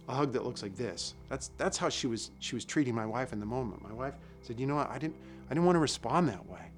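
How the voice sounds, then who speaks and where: A middle-aged man preaching a sermon in a relaxed, conversational way, telling stories with asides and repeated phrases. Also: medium pitch. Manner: conversational, storytelling with asides and repetitions. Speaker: lay preacher.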